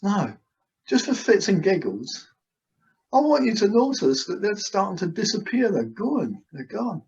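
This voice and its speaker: A man guides a hypnosis session, repeating gentle suggestions in a soothing rhythm. His voice sits a little high. The audio is dull and lo-fi, as if from a video call. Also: big pitch swings, measured pace. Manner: soothing, repetitive trance suggestions.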